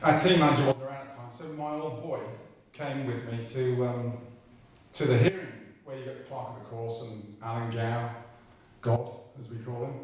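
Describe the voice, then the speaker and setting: At a live evening talk event, a middle-aged British racing driver appears as a guest and tells comic anecdotes in a chatty, irreverent style, swearing freely. His mid-pitched voice sounds far from the microphone, and a strong roomy echo from the large hall surrounds every word.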